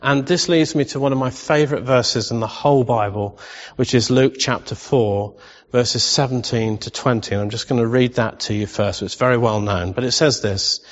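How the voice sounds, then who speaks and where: A man's voice: mid-range voice, steady tone, normal speed. Male preacher in an echoing hall. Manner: conversational, asks the congregation questions, playful asides. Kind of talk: sermon. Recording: dull recording in a long-reverb hall.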